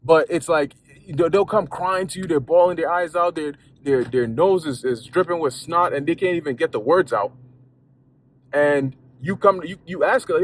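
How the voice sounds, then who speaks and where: A man's voice: on the high side, normal speed. A man giving a casual spoken Bible lesson in a conversational, repetitive way, with street slang and frequent restarts, talking from a car while driving. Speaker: lay preacher.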